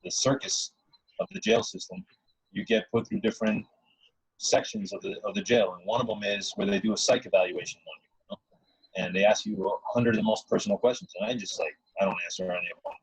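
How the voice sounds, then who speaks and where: A man's voice: on the low side, lively intonation, brisk, gravelly, breathy edge, no echo, low-quality recording. A man earnestly telling a personal story in a casual, rambling way, often restarting his sentences.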